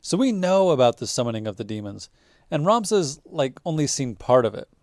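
A man's voice: medium pitch, very animated, brisk, darkish tone, dry recording, clean studio sound. A man co-hosting a podcast, chatting casually and opinionatedly about a video game story with exasperated asides. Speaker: podcast co-host.

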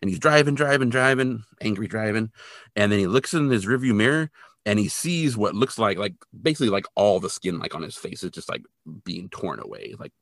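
Man, low pitch, gravelly voice, bright edge, dry close sound, casual recap. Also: expressive, fairly quick, no echo. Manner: loose retelling full of "like" fillers. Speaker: podcast co-host.

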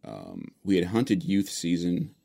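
A man's voice: deep voice, huge pitch swings, takes it slowly, vocal fry, warm tone. A young man talking as a guest, easygoing, with many "you know" fillers. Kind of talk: casual chat, storytelling.

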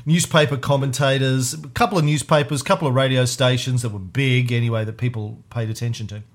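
A man's voice: medium pitch, fairly even intonation, fast. A man co-hosting a history podcast in casual, rambling chat, cursing freely, with many fillers and restarts. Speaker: podcast co-host.

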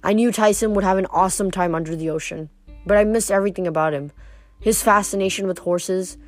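A woman reads a novel aloud in a lively storytelling manner, stumbling and restarting now and then. Her voice sits at a middle pitch. Faint music plays beneath. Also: brisk. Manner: expressive, voices characters, occasional slips and restarts. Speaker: reader.

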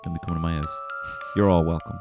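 A male podcast co-host telling a comic story deadpan, with sudden loud outbursts. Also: low-pitched, quick pace, over music.

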